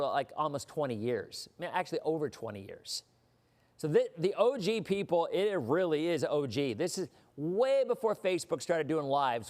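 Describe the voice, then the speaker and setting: Animated, rambling male livestream host. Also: on the high side. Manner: rambling, animated, mock-indignant asides. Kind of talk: casual livestream chat.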